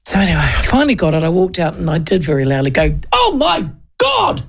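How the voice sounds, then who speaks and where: A woman's voice: sits low, racing. A woman with a New Zealand accent hosting a radio show, telling stories in a chatty, self-mocking way and acting out what people said. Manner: chatty, animated, self-mocking, acts out quotes. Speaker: radio host. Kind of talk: casual radio chat and storytelling.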